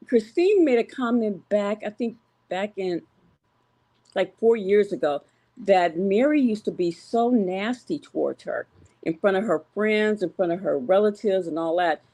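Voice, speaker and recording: A woman's voice: mid-range voice, moderate pace, mellow. A woman calling in to a show, hesitant with many ums, giving firm opinions. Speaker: caller. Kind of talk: casual call-in opinion.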